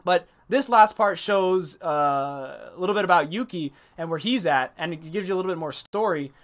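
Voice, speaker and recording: A man casually reviewing an anime episode on a livestream, animated and profane, stopping to greet and answer chat. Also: sits high, moderate pace.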